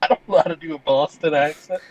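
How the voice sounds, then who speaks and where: A man's voice: fairly high pitch, fairly even intonation, fast talker, a little mellow, poor audio. A man co-hosting a podcast, retelling a movie scene in a loose, profane, casual way. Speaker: podcast co-host.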